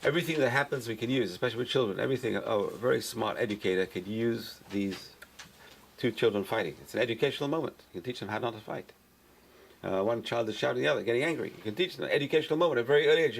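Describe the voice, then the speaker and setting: Brisk, repetitive rabbi teaching a class. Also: male voice, mid-range voice, gravelly. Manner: repeats key phrases for emphasis, animated. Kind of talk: lecture-style Torah class.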